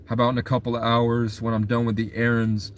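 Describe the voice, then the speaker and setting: A man tells a vivid story in a loose, rambling way, leaning on filler words and restarting his sentences as he goes. His voice sits at a middle pitch. The telling is casual and unscripted. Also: completely flat delivery, quick pace, a little hiss or hum.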